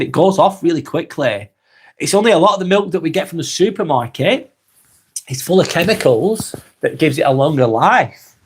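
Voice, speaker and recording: Gravelly Lancashire man with a cold. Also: a little high. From East Lancashire, England. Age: 40s. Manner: unhurried, reflective, musing aloud with tag questions. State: has a cold, coughing. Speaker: live vlog host. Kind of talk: calm live chat reading viewer comments.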